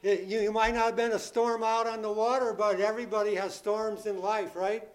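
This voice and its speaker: A man's voice: sits high, flat delivery, fairly quick. A man preaching a sermon, emphatic and repetitive, asking the congregation questions and acting out the disciples' frightened pleas. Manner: emphatic, repeats key phrases, asks the congregation questions; acts out the disciples' panicked pleas in a raised voice.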